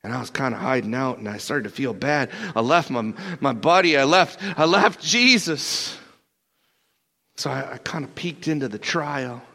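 A man performing a burly, blunt apostle in a rambling, excitable first-person sermon monologue. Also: medium pitch, moderate pace. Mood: excited. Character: burly rough-talking apostle Peter, impulsive and blunt.

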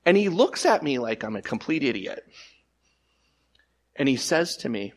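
This pastor's pulpit sermon is very animated: important lines come out loud and high, then he drops to quiet, slower phrasing. He frequently stumbles and restarts, clearly speaking off the cuff.

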